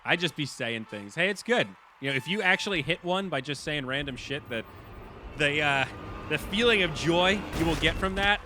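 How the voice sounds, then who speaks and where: A man hosting a game stream, chatting casually and excitably, swearing and laughing at his losses. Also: on the high side, normal speed, slight background noise. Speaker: stream host and commentator.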